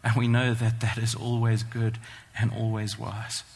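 A man preaching a sermon, earnest and emphatic, slowing down to stress the scripture he reads. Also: on the low side, completely flat delivery. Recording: long hall reverb.

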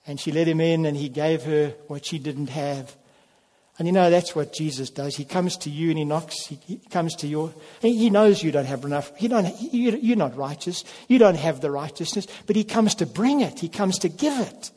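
A man preaching a sermon, telling a story in an unhurried way and then leading a quiet prayer. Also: on the high side. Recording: long hall reverb.

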